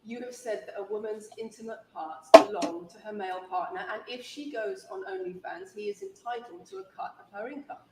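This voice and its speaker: A woman conducting an interview, calm and steady as she keeps pushing for a straight answer. Her voice sits at an ordinary middle pitch. The recording carries a roomy echo. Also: a little fast, hardly any pauses, very noisy. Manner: calm, persistent, presses for direct answers. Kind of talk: pointed interview questioning.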